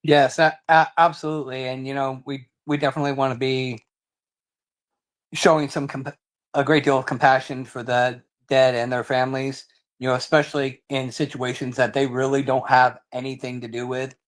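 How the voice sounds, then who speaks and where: A man's voice: mid-range voice, level tone, normal speed. A man interviewing a guest, hesitant and repeating words before his questions.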